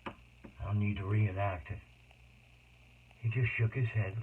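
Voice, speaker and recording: A man telling a personal story in a rambling, emotional monologue with sudden loud outbursts. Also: on the low side, steady tone, unhurried. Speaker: autobiographical storyteller. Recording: tinny phone-like noisy recording.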